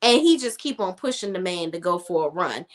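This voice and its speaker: A woman's voice: lowish voice, big pitch swings, a little fast. A young woman recapping a TV episode in a casual, sassy, emphatic way, repeating words for emphasis. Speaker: TV show reviewer.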